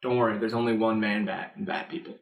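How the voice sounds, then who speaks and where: A man's voice: fairly low pitch, steady tone, fast, gravelly, roomy sound. A young man co-hosting a casual gaming podcast, rambling and laughing as he talks. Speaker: podcast co-host. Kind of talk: casual chat.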